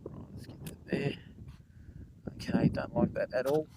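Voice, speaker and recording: A man's voice: medium pitch, fairly even intonation, measured pace, creaky, heavy background noise. An older man hosting a fishing livestream, chatting casually and joking with viewers. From Australia. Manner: chatty, jokey, laughs often, addresses chat by name.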